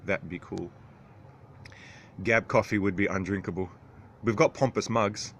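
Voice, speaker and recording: A man in his thirties hosting a casual livestream, reading out viewer comments with frequent chuckles and throat clearing. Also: lowish voice, steady tone, unhurried, slight background noise. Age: 30s. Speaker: livestream host.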